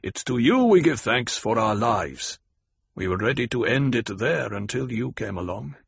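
A man playing a tall, rough desert worker who speaks in an old-fashioned dialect. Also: medium pitch, expressive, moderate pace, no echo. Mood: grateful. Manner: archaic dialect phrasing.

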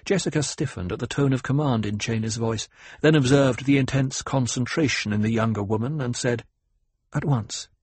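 Husky male audiobook narrator. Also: mid-range voice, a little fast, a little mellow, dry recording. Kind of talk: scripted narration.

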